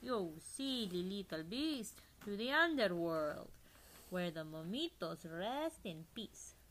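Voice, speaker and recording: A woman's voice: medium pitch, very animated, slow, a bit bright. A woman voicing a pack of cheerful little male Chihuahuas, bossy and teasing, with Spanish-flavored words, in a storybook read-aloud.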